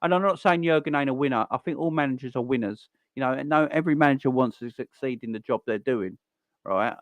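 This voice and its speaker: A man's voice: mid-range voice, fast talker, dry recording, narrow, tinny audio. A young man hosting a live stream, ranting in an exasperated, repetitive way and swearing now and then. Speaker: fan channel host. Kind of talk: live-stream football rant.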